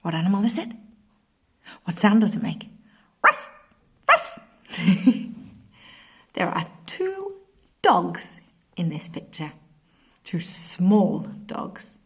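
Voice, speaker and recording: A woman teacher talks children through a playful video lesson, her voice bouncing lively up and down. Her tone sits a little low with a gravelly edge, and she breaks into animal noises along the way. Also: slow, long pauses. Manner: animated, imitates animal sounds.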